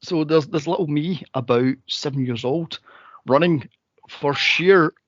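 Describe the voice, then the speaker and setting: A man co-hosting a casual movie podcast, telling stories and acting out scenes with sudden high squeals. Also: measured pace, no echo, highs cut off. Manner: animated storyteller, acts out scenes in high squeals. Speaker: podcast co-host.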